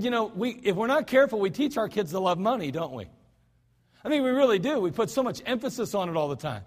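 An American man preaching a sermon in a church, folksy and self-deprecating, with chatty asides to the congregation. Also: sits high. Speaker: pastor. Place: church sanctuary. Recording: hall reverb.

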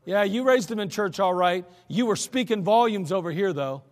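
A man's voice: sits high, expressive, normal speed. A man preaching a sermon in a church, earnest and emphatic in a conversational way. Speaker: pastor. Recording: echoey church hall.

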